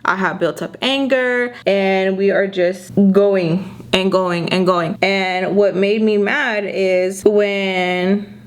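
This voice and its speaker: Young female vlogger, animated storytelling to camera, chatty with constant "like"s. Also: mid-range voice, takes it slowly. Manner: animated retelling, full of filler "like"s. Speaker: YouTuber telling a story. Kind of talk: casual storytime vlog.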